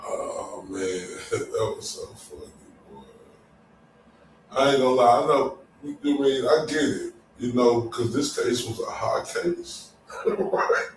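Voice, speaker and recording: A man's voice: medium pitch, wildly swooping pitch, slow. Man, show host, casual after-show chat, loose and exclamatory, frequent laughter, distant mic, faint background noise. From Dallas, Texas. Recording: very echoey room, distant mic.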